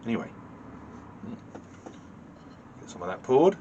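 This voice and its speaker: A man from the United Kingdom reviewing a beer in a casual vlog, talking in a dry, understated way with many pauses and fillers. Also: mid-range voice, big pitch swings, mellow, dull audio, slight background noise.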